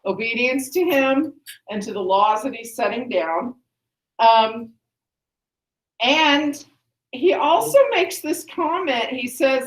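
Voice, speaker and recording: Chatty teacher, echoey classroom. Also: female voice, sits high, animated, slow pace, long pauses. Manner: chatty, repeats and restarts, asks the class questions. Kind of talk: classroom lesson, explaining a play.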